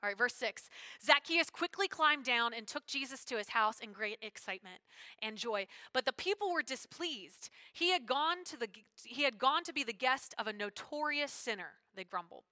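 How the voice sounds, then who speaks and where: Animated, bright-voiced woman preaching. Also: on the high side, moderate pace, dry recording. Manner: animated, conversational, slangy. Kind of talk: sermon.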